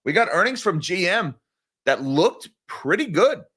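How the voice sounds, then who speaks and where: A man hosts a morning finance livestream with a slightly higher voice. He talks casually and directly, addressing his viewers as guys as he runs through the news. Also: sing-song, measured pace, bright, forceful tone, breathy edge. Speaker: market news livestream host. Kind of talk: casual market commentary.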